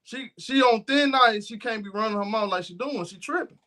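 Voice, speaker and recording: A man's voice: sits high, fairly quick, sharp tone. A man co-hosting a sports talk stream, stubbornly repeating his point in a heated debate. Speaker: co-host.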